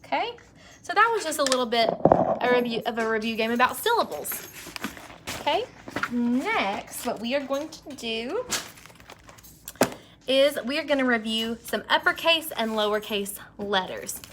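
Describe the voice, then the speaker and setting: A young woman teacher leading an early-grade phonics lesson, stretching out words slowly and praising the children. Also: fairly high pitch, lively intonation, noisy background. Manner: slow, drawn-out word modeling, encouraging.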